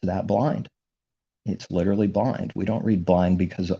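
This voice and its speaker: A low, gravelly man preaches in an indignant, repetitive monologue. His voice is dark and husky, and the recording sounds dull and lo-fi. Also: fairly even intonation, normal speed. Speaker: religious commentator. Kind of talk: impassioned religious monologue.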